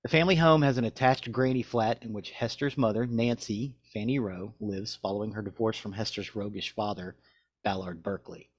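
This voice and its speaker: A podcast co-host with a somewhat low male voice reads his notes aloud and then drifts into loose chat. He is recorded close to the mic in a dry room with no echo. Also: fairly even intonation, a little fast. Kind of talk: reading show notes and casual chat.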